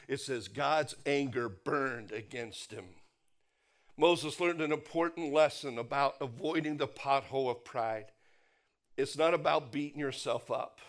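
A man preaching a sermon, emphatic, repeating key phrases and dropping his voice low on the punch lines. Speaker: pastor.

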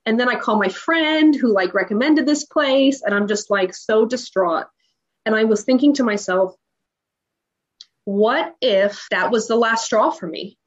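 A woman in her thirties tells her own story as a podcast guest. She is emotional and animated and acts out the lines of the people in it. The recording sounds dull and lo-fi. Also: on the high side, a little slow. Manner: emotional, animated retelling with acted-out dialogue. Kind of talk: personal storytelling in an interview.

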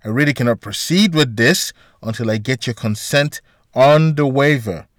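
A man voicing a woman hospital doctor who speaks in a forceful, clipped, insistent way. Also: mid-range voice, moderate pace, dry recording, clean studio sound, natural voice. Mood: firm.

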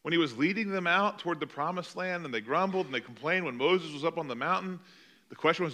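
A man preaching a sermon, dramatic and expressive, acting out the voices of the people he quotes. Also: a little high, fast talker. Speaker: pastor.

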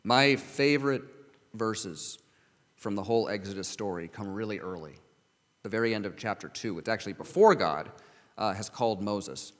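A man's voice: on the low side, normal speed, a bit bright. A man preaching a sermon, earnestly reading scripture and asking his listeners rhetorical questions. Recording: long hall reverb.

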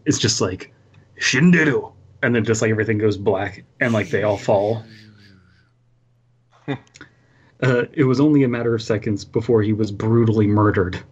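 A man's voice: on the low side, fairly even intonation, normal speed, long pauses, a little mellow, husky, highs cut off. A man co-hosting a comedy podcast, reading a story aloud and laughing as he goes.

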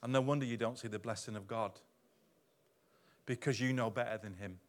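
A man preaching a sermon as pastor to his church, animated, swinging from loud emphatic lines down to quiet asides. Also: mid-range voice, brisk. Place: church hall.

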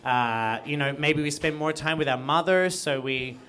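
Australian guy w a bright voice, camp and theatrical, chatting on a podcast. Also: a little high, moderate pace. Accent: Australian, softened toward American. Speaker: podcast co-host. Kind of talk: casual podcast chat.

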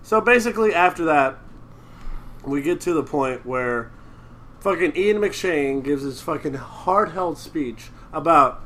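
A man co-hosting a casual podcast, loud and excitable, swearing a lot and acting out scenes as he recaps them. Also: fairly high pitch, measured pace. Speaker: podcast co-host recapping a TV episode. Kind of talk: casual profane chat.

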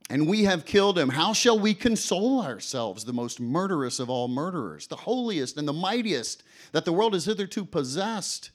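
A man's voice: a little high, big pitch swings, normal speed, few pauses, voice pushed up. A man playing a frantic crying madman. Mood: anguished. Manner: anguished, declaiming.

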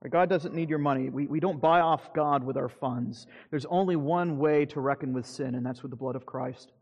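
A man preaching a sermon as pastor, earnest and emphatic, rising on key phrases and dropping low at the ends of his points. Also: steady tone, moderate pace, darkish tone, husky, in a large hall.

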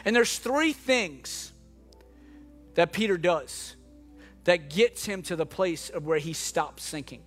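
A man with a high, bright voice preaches a sermon to a church congregation. He moves between hushed, reflective passages and impassioned, shouted appeals, with soft music under him. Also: lively intonation, slow. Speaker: pastor. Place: church hall with live and online congregation.

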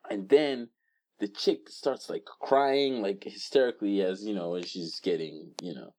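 A young man co-hosting a casual podcast chat, telling stories in an animated way and acting out voices. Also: on the low side, measured pace, slight background noise. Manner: animated storyteller, acts out screams and voices. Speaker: podcast co-host.

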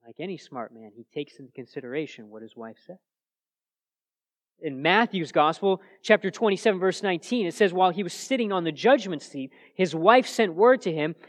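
A man preaching an expository sermon in a conversational way, often restarting phrases and pressing with emphatic questions. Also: high-pitched.

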